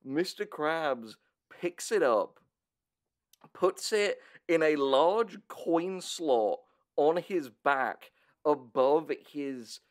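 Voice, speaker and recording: A man's voice: fairly high pitch, animated. A man co-hosting a podcast, telling a cartoon episode as a comedic recap and laughing often. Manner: unhurried storytelling, laughs often. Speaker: podcast co-host.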